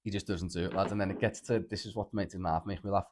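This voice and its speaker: Scouse podcast host, male, low voice and rapid delivery, rambling, sweary, "lad" every line. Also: steady tone, a little mellow, slight background noise. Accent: Liverpool (Scouse). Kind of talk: casual chat, storytelling.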